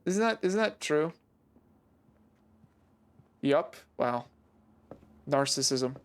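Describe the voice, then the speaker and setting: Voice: mid-range voice, expressive, very slow. A video game streamer giving casual, joking live-stream commentary while teasing the chat.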